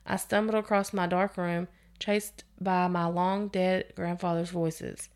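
A woman's voice: on the low side, flat delivery, slow pace. A woman hosting a podcast, reading a scary story aloud with expression and sometimes restarting a phrase. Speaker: podcast host reading stories.

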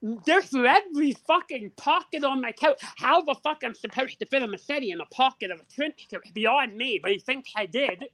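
A man's voice: very high-pitched, low-quality recording. A man on a podcast telling a story in casual chat, swearing freely and acting out the people in it. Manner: profane, animated, acts out the people in his stories. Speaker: podcast co-host.

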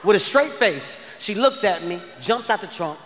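A man doing stand-up comedy, telling stories in a loud, animated, profane way and acting out other characters. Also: high-pitched, normal speed, big-room sound, faint music behind. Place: stage before a live audience.

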